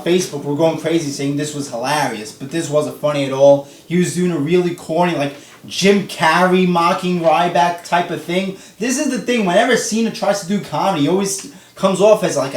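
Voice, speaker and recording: A young man ranting through a casual, profane review of a wrestling show. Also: on the high side. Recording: roomy echo, distant from mic.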